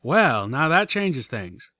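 A man's voice: fairly high pitch, big pitch swings, slow, sharp tone, no room sound, pitched above the performer's own voice, full character voice. A man voicing a blunt, folksy male pegasus pony gunslinger with a plain-spoken drawl. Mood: resolute.

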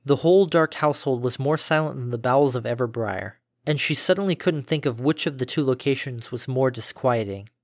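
A man reading a pony fan fiction story aloud in a steady, descriptive narration. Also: medium pitch, brisk, hardly any pauses, no room sound, studio quality. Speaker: reader.

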